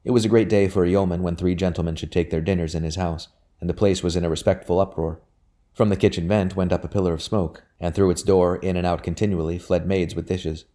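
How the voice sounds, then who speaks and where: A man reading a historical novel aloud as an audiobook narrator, in a measured, even storytelling manner. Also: low-pitched. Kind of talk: scripted narration.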